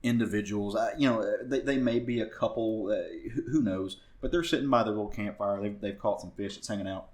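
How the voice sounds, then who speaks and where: Speaking a little fast with hardly any pauses, the man has a lowish, slightly mellow voice. He's a podcast co-host from the US South, casually rambling through a comic book recap with frequent fillers and restarts.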